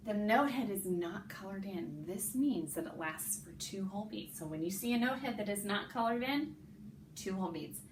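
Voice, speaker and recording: A woman music teacher giving an elementary music lesson, talking slowly and clearly and singing rhythm syllables. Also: mid-range voice. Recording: echoey room, faint background noise.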